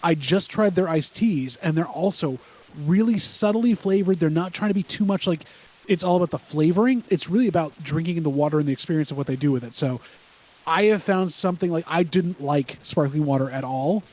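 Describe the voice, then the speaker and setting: Male podcast co-host, quick eager chatter, slightly high voice, casual banter. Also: a little mellow. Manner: fast, enthusiastic, rambling. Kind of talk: casual chat reacting to wrestling.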